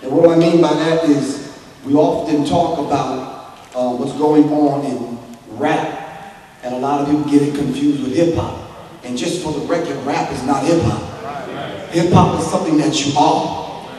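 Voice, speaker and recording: A man's voice: on the high side, steady tone, normal speed, dark tone. A man from Long Island, New York, giving a public lecture in a preacherly way that builds to emphatic, rising delivery. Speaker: speaker at an event. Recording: echoey hall, distant mic, faint noise.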